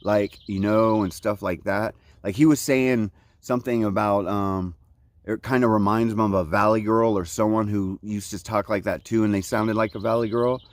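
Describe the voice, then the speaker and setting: A man's voice: lowish voice, fairly even intonation, moderate pace, no room sound. A man in his forties from Central Florida, vlogging casually on a hiking trail outdoors, with laid-back surfer talk full of "like, you know, man.". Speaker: thru-hiker vlogger.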